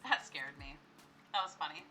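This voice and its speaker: A woman's voice: low-pitched, expressive, normal speed, pushed and bright, soft background music, low-quality recording. A young woman giving casual let's-play commentary, chatting to the characters on screen and breaking into startled, laughing screams. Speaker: gameplay streamer.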